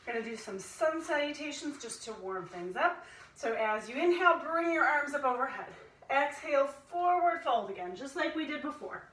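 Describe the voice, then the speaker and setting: A woman's voice: high-pitched, expressive, moderate pace, a bit bright, echoey room, far from the mic, low-quality recording. A woman instructor guiding a family yoga class, playfully cueing breaths and inviting animal sounds.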